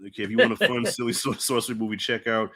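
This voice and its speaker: A man hosting a casual movie review chat, loose and animated, laughing often and swearing casually. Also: medium pitch, racing, creaky. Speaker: host.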